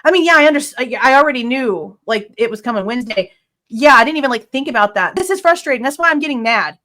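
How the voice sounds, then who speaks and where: A woman's voice: high voice, expressive, fast talker, pushed and bright. A young woman hosting a true crime channel, giving outspoken reaction commentary full of blunt rhetorical questions.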